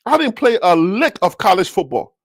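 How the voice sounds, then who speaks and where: In a high, constantly swooping voice, a Liberian man delivers animated, theatrical sports commentary, acting out the plays as he goes. He speaks at normal speed with some vocal fry. The sound is close and dry, without room echo.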